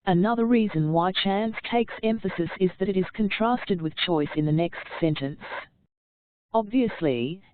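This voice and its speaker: A woman reading an instructional audiobook aloud in a steady, measured delivery. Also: medium pitch, dry recording. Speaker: audiobook narrator. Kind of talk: scripted audiobook narration. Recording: tinny phone-like narrow sound.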